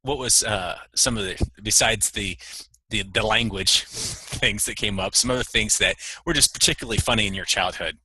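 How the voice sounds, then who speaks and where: A man's voice: on the low side, normal speed, sharp tone, a little hiss or hum. A man hosting a casual interview podcast, who asks curious, rambling questions full of fillers. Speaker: podcast host.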